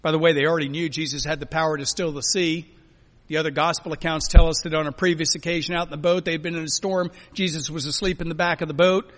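A man preaching a sermon as a pastor, emphatic, swinging between loud urging and quiet, soft lines. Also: on the high side, little pitch movement, fast talker, hardly any pauses. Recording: long hall reverb.

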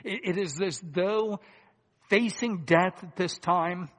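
Male preacher with a slightly raised voice, earnest and deliberate, loud emphasis and hushed asides, in a church hall with a long echo. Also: high-pitched. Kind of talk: sermon.

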